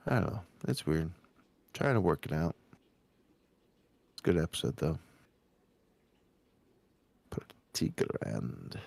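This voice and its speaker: A man's voice: low voice, animated, normal speed, long pauses, a little mellow. A man co-hosting a podcast, chatting loosely and rambling at the end of a long stream. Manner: rambling, loose, tries out silly voices mid-sentence. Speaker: podcast co-host. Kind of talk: casual late-night chat.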